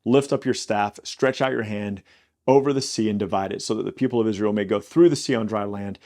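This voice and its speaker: Teaching conversationally on his Bible podcast, this host has a fairly low voice with a darkish tone. Every so often he briefly performs God's lines as quick, quirky quotes.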